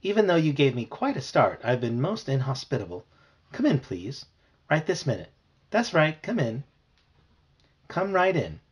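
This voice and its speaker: Dad putting on a sweet fussy old lady teacher from a storybook, husky, bouncy voice. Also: a little high, big pitch swings, normal speed, long pauses, dull audio. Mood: fussing, hospitable. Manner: gentle, fussy, hospitable. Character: polite grandmotherly retired woman teacher.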